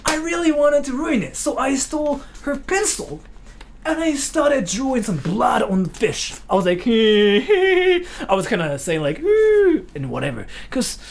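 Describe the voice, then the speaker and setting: Lively gravelly-voiced young man. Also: very high voice, moderate pace. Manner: rambling, animated, many "like" fillers. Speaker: livestream host. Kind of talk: casual storytelling chat.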